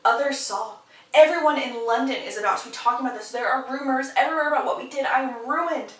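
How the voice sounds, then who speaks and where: A woman's voice: high voice, fast talker, echoey room, distant mic. Daphne, a woman playing a desperate noblewoman. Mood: pleading. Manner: hushed, urgent. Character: anxious young noblewoman desperate to marry.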